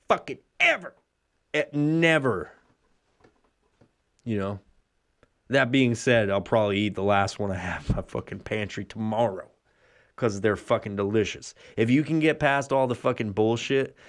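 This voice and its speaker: A man in his thirties, a podcast host, telling a profane, exaggerated comic story in a solo rambling monologue. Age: 30s. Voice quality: profane, exaggerated storytelling with bursts of high put-on voices.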